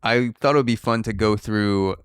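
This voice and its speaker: A man's voice: lowish voice, moderate pace, clean tone, dry recording, studio quality. A young man hosting a podcast, rambling through jokey, speculative theories in casual chat. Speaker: podcast host.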